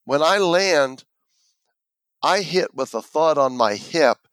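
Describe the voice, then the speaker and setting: Male interview guest, a lively storyteller who voices the characters; slightly high-pitched, dry close recording. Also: takes it slowly, dry recording. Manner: animated storyteller, acts out quoted voices.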